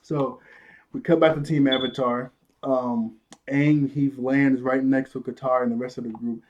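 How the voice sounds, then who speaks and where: A man talks through an episode he watched in a relaxed, rambling way, laughing easily along the way. His delivery is loose and conversational, full of fillers. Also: medium pitch, normal speed, lo-fi sound, slight background noise. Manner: loose, chatty, laughs often, lots of "like". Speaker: show reviewer. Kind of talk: casual episode recap.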